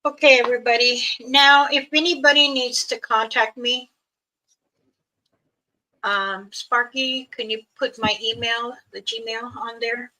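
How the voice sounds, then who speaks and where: A woman hosting a casual livestream, giving slow, loosely strung warnings and advice to her viewers. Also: fairly high pitch, steady tone, bright, forceful tone, poor audio. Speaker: livestream host.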